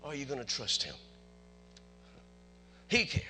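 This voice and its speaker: A man preaching a sermon as pastor, animated, asking the congregation questions and chuckling often. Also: medium pitch, measured pace, faint music behind.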